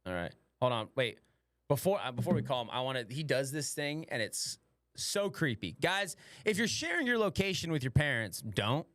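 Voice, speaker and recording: A man's voice: medium pitch, big pitch swings, moderate pace, fairly bright tone, dry recording. A man in his twenties hosting a casual podcast. He rambles crudely and laughs often. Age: 20s. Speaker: podcast host.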